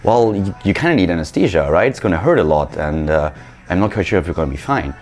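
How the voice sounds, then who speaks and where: A man's voice: low voice, expressive, fast talker, a little mellow, soft background music. A man voicing a brusque, blunt female doctor who talks in a clipped, insistent way. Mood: cautioning.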